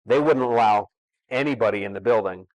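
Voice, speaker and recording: A man's voice: on the low side, a little fast, darkish tone, no echo, poor audio. A man presenting at a real estate seminar, explaining rules emphatically in a conversational way.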